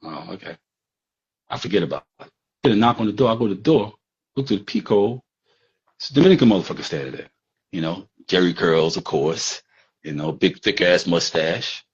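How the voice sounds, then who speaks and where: A man's voice: low voice, slightly rough. A man around sixty, telling a rambling, profane street story in casual talk. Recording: dull lo-fi recording.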